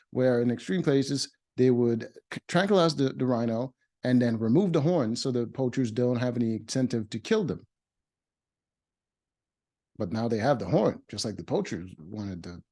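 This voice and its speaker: Man, mellow tone, casual show recap, blunt opinions, lots of uhs and restarts. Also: mid-range voice, normal speed. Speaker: reality show reviewer.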